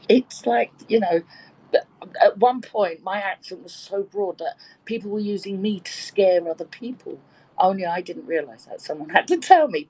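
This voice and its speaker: A woman's voice: medium pitch, normal speed, darkish tone, slightly rough, poor audio. A woman in her sixties from Birkenhead with a London-tinged English accent, chatting casually and telling bawdy stories with easy laughter. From Birkenhead, England. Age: 60s. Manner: bawdy, chatty storyteller who laughs easily. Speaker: participant in a live audio chat room. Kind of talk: casual chat.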